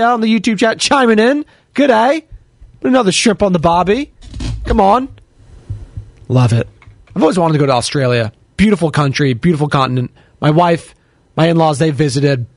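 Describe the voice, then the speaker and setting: A man hosting a sports talk show, chatting casually and jokily, shouting out callers and chat viewers. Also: fairly high pitch, brisk, dry recording, clean studio sound. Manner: chatty, jokey, shouts out listeners. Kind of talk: casual sports radio chat, taking calls and chat.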